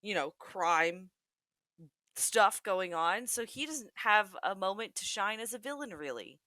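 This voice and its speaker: A woman's voice: mid-range voice, expressive, a little slow, bright, forceful tone, dry recording. A woman guesting on a movie podcast, chatting expressively and laughing often. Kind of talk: casual movie discussion.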